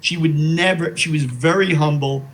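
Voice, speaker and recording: An older man in his eighties talks as an interview guest, with a voice pitched slightly above the usual male range. He tells his stories in a rambling, sincere way, restarting phrases and filling gaps with "you know". A faint hiss of noise sits under the recording. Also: normal speed, a bit bright, rough recording. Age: 80s. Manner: rambling, repeats words and says "you know" often. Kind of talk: heartfelt conversational storytelling.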